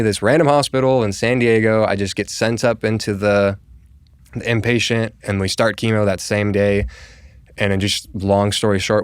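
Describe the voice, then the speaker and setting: A man's voice: lowish voice, clear, resonant tone, no echo. A young man from Colorado, a podcast guest, telling a long personal story in casual chat, full of "like" and acted-out quotes. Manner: conversational, full of "like", acts out quoted dialogue. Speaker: podcast guest, real estate agent.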